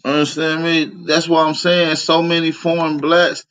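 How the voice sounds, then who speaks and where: A man's voice: fairly high pitch, flat delivery, measured pace, fairly bright tone. A man hosting a live stream, commenting bluntly and with lots of profanity.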